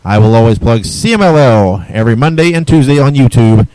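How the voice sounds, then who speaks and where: A man's voice: medium pitch, expressive, brisk, a little mellow, dry recording, poor audio. A man hosting a wrestling podcast, chatting casually and reading out plugs for upcoming shows. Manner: easygoing, chatty, reads show plugs. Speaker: podcast host.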